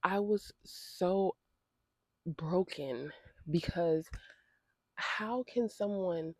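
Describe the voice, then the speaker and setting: A woman's voice: lowish voice, very slow, a little mellow, dry recording. A woman vlogger telling a personal story in a direct, indignant and emotional way, often repeating her phrases for emphasis. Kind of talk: storytime vlog.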